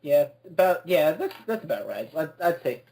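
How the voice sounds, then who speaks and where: A man's voice: a little high, sing-song, moderate pace, darkish tone, rough recording. A man chatting as a guest, jokey and casual. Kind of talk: casual podcast chat.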